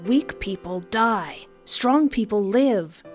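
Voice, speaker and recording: A troubled young fox man from a dark game speaks in short, blunt lines, read aloud by a woman. The voice sits at a middling pitch and stays fairly plain. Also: expressive, takes it slowly, faint music behind. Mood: cold.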